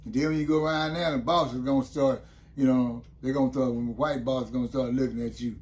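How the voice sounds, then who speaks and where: A man's voice: medium pitch, fairly even intonation, quick pace, darkish tone. An older man, telling about his time in prison in a loose, rambling way and often asking "you know what I mean". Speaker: interview guest, former prisoner. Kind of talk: casual storytelling interview.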